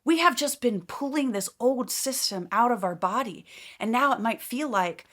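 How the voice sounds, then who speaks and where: A woman's voice: on the high side, animated, normal speed, a bit bright. A woman giving a casual, enthusiastic spiritual update, talking emphatically with fillers and light laughs.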